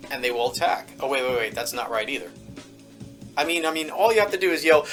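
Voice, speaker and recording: A man delivering video commentary with a sarcastic, mocking edge. His voice sits in a middle pitch and has a bright, forward timbre. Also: lively intonation, fast, faint music behind, poor audio. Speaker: political commentator.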